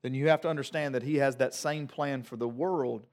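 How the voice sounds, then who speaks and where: A man preaching a sermon to a congregation, moving from quiet reflective passages to loud emphatic peaks, with humorous asides. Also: mid-range voice, steady tone, brisk. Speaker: pastor.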